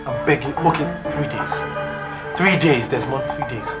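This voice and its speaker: A man's voice: medium pitch, normal speed, lightly acted. An actor playing a desperate young man who begs repeatedly for help, in a film drama. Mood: begging. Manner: pleading, repetitive begging. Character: desperate young man pleading for visa money. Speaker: film character. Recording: film audio under loud music score.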